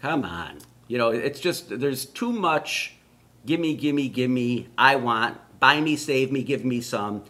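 A man's voice: mid-range voice, lively intonation, slow pace, sharp tone. A middle-aged man co-hosting a political opinion podcast, blunt and ranting, telling stories. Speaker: podcast co-host.

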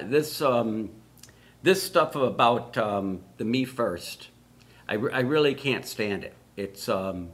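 A man's voice: lowish voice, fairly bright tone. A middle-aged man co-hosting a political opinion podcast, blunt and ranting, telling stories. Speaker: podcast co-host.

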